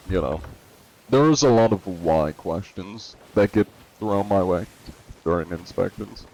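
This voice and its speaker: Low-voiced chatty male streamer. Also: animated, moderate pace, gravelly, mellow, a little hiss or hum. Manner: chatty, reads viewer chat aloud, laughs often. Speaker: game streamer. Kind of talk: casual live-stream chat.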